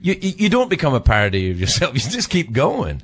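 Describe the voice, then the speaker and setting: A man's voice: medium pitch, huge pitch swings, a little fast, fairly bright tone. A middle-aged Scottish man chatting casually with a fellow comic, laughing often and swearing freely. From Scotland. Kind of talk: casual chat between comedians.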